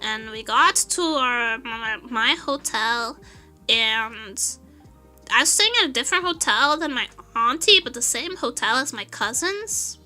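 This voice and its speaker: High bright-voiced young woman streamer. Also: measured pace, soft background music. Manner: laughs often, animated storytelling. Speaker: vtuber streamer. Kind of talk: casual chat.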